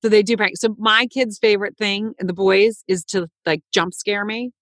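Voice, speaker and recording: A woman's voice: medium pitch, moderate pace, dry recording. A middle-aged woman in casual chat, telling stories and acting out quotes. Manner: animated storyteller, acts out quotes.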